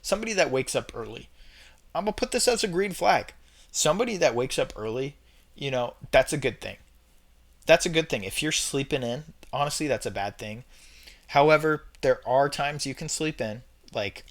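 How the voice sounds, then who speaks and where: A man's voice: medium pitch, moderate pace, fairly bright tone. A young man talking straight to camera in a casual opinion vlog, emphatic and repeating his points with chatty fillers. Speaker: vlogger ranking red flags.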